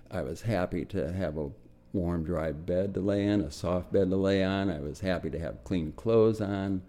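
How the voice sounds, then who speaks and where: An older American man, speaking low, shares his own story for a documentary on the radio. The delivery is slow and contemplative, often sinking to a quiet murmur.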